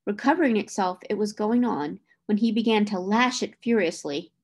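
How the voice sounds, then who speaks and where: A woman reading a classic novel aloud in a measured storytelling manner. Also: medium pitch, a little mellow. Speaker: reader.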